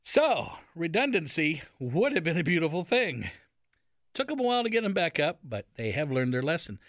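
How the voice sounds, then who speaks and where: Lively, bright-voiced radio host. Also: male voice, a little high, no room sound, clean studio sound. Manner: folksy and sarcastic, acts out silly voices. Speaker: radio talk show host. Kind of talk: animated radio commentary.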